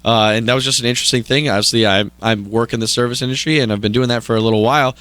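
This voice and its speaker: North dakota guy cohosting sports talk, bright voice, calm analytical, dry mic. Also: medium pitch, rapid-fire, no room sound. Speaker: sports radio co-host.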